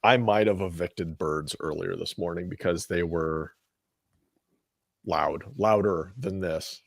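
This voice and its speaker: A man's voice: low voice, slow pace, vocal fry, dry recording. A man co-hosting a casual radio show, telling a rambling story into a studio mic. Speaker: co-host. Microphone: studio mic with ear monitors.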